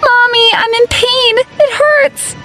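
Lady doing a scared young woman in a story, high and swoopy, soft music behind. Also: expressive, normal speed. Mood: agonized. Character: frightened young woman Lily, pleading.

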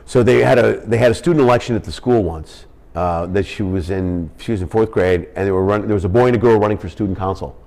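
A man in his forties, a comedian, talking casually in an interview as a relaxed storyteller who often restarts his sentences. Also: on the low side, fast talker, vocal fry.

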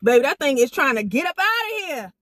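Excitable woman chatting through a meal. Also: high voice, a little fast. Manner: excitable, talks straight to viewers. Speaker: food vlogger. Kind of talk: casual eating-show chat.

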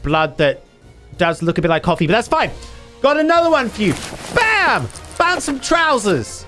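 A cheeky man in a comedic Minecraft roleplay, mocking and theatrical. His pitch leaps all over the place. Faint music plays behind him. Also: moderate pace. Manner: cheeky, mocking, theatrical, shouting when excited. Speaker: roleplay player character.

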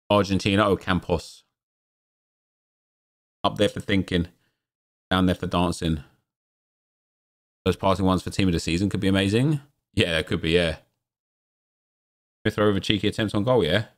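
Man commentating game pack openings. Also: sits low. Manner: chatty, jumps into excited exclamations at pulls. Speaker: gaming channel host. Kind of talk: casual gameplay commentary.

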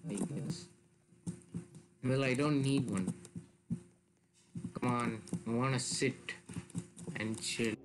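A man giving excitable, casual commentary while playing a video game, often shouting and accusing other players. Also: medium pitch, low-quality recording. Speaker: gaming video host.

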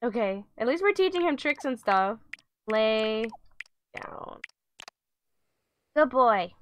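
A woman's voice: on the high side, big pitch swings, slow, slight background noise. A woman streaming a pet video game, coaxing her virtual dog with giggly, chatty commentary. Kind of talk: casual game livestream commentary.

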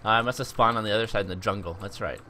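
A young man giving joking, excitable commentary over his own gameplay as a video host. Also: on the low side, racing, a little hiss or hum. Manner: animated, joking, exclaims at the game.

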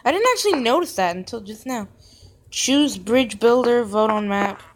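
A woman's voice: on the high side, moderate pace. A woman hosting a gaming video, rambling in character with giggly, self-mocking commentary as she plays. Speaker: gaming channel host. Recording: steady background noise.

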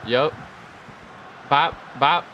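A young man commentating his own football video game, chatty and excitable, urging and scolding the players on screen. His voice sits a little high. Steady background noise fills the recording. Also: extremely slow, muffled recording. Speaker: gaming video creator. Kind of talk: live gameplay commentary.

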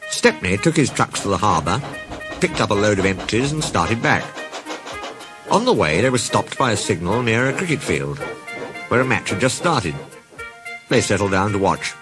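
A man narrating a children's storybook in an expressive, playful manner. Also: fairly low pitch, moderate pace, pauses often. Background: background music.

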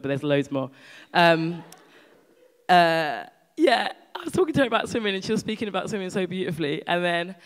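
A woman's voice: sits low, long reverb tail. A woman author at a live bookshop event, telling anecdotes in a chatty, laughing way and then performing a spoken-word poem in a rhythmic, rising chant. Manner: chatty and laughing, with repeated filler "like".

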